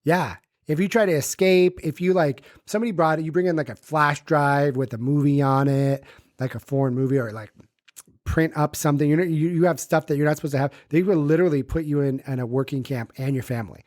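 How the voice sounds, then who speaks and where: A man's voice: a little high, a little fast, darkish tone, no echo, studio quality. A man from the United States co-hosting a podcast in casual chat, rambling, swearing freely and acting out quoted voices. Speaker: podcast co-host.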